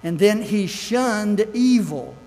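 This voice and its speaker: A man's voice: sits high, lively intonation, takes it slowly, a little mellow, long reverb tail, a little hiss or hum, rough recording. An older man preaching a sermon in a church, folksy and earnest, with asides and scripture quotes. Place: church sanctuary.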